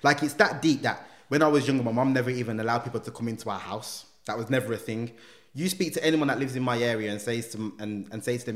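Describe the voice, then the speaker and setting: A man, a guest in a podcast interview, telling his life story in street slang with lively quoted dialogue. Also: medium pitch, quick pace. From England. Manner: street slang, animated retelling with acted quotes. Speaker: guest, reformed gang member.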